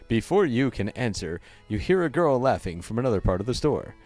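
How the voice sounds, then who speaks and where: A man's voice: mid-range voice, brisk, soft background music. A man co-hosting a gaming podcast, reading a dating-sim story aloud in a casual, stumbling way. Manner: reads the story text aloud with stumbles and laughs, lively. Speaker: podcast co-host reading a game. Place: small home recording setup, sharing one mic.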